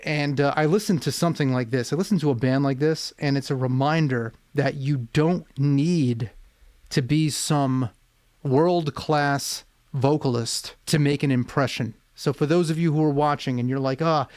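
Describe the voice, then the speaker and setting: A man's voice: mid-range voice, darkish tone, dry recording. A man hosting a music reaction video as a vocal coach, talking casually, thoughtful and a bit rambling.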